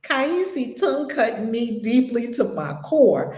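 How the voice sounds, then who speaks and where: A woman's voice: a little high, very animated, slow, darkish tone. Exuberant woman spiritual teacher, echoey call. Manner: exuberant, laughs often, preacherly repetition. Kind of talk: casual inspirational talk.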